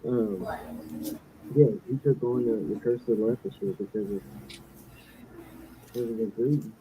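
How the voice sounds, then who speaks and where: A man's voice: medium pitch, measured pace, warm tone. A man joining a Bible study over a call, speaking hesitantly with fillers through a weak microphone. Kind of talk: casual group chat over a call. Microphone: computer or phone mic on a call. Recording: dull lo-fi call mic with noise.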